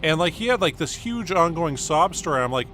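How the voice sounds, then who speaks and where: A man's voice: fairly high pitch, animated, fairly quick, pushed and bright, a little hiss or hum. A man, streaming a game and telling meandering stories full of fillers and restarts. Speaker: gaming streamer. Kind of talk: rambling casual storytelling over gameplay.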